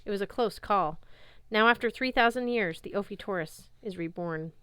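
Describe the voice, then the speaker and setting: A woman's voice: mid-range voice, moderate pace, a bit bright, smooth, lightly acted. A woman voicing a solemn huntress girl who speaks in a grave, old-fashioned, formal way. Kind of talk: audiobook character voice.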